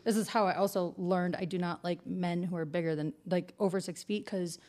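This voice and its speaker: A woman from the United States co-hosting a podcast, telling a story in an animated way, swearing freely and laughing as she goes. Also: fairly low pitch, brisk. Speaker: podcast co-host. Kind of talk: casual chat, storytelling.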